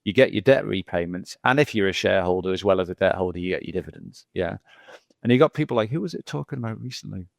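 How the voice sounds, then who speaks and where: Gravelly middle-aged man, rambling talk. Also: low-pitched, expressive, fast talker, no echo. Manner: rambling, anecdotal, many repeats and "you know". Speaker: geologist guest. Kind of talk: casual podcast conversation.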